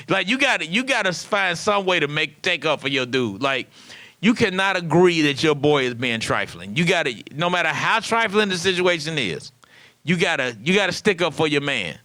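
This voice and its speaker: Man, 30s, comedic podcast monologue, bright tone, dry close sound. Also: a little high, moderate pace, no echo. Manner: animated, acts out quoted dialogue. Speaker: podcast host.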